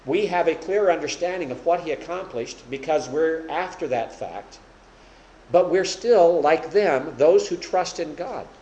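A man's voice: a little high, expressive, a little slow, mellow, dull audio. Man teaching in an echoey room. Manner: asks the audience questions, explains patiently. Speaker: Bible teacher. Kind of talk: interactive Bible teaching. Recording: echoey room with faint hum.

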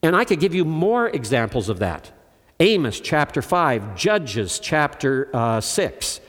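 A man's voice: fairly high pitch, sing-song, unhurried, fairly bright tone. An older man preaching a sermon emphatically, asking his listeners questions and calling on them. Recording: long hall reverb.

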